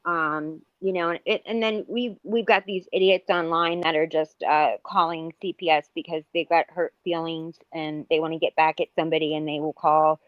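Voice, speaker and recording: A woman's voice: sits low, steady tone, moderate pace, few pauses, no echo. A woman in her forties chatting casually as a podcast co-host, rambling with lots of fillers and restarts. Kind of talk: casual chat. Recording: dull lo-fi audio.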